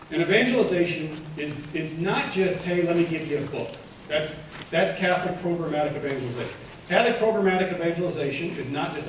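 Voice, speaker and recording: A man giving a lively conference keynote, joking and putting questions to his audience. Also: a little high, recorded from a distance, a little hiss or hum. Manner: animated, joking, quizzes the audience. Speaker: keynote speaker. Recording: echoey hall, mic set back.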